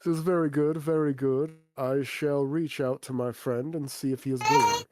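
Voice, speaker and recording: A man voicing a polite, long-suffering middle-aged innkeeper who talks in a slow, formal, quiet way. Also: medium pitch, fairly even intonation, dry recording, natural voice. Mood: measured.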